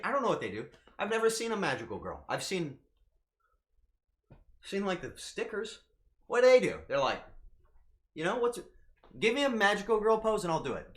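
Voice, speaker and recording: Slightly high-voiced guy streaming, animated, swears a lot, chatting right at his viewers. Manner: animated, rambling, swears freely, talks straight to chat. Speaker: VTuber streamer. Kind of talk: casual storytelling to live chat.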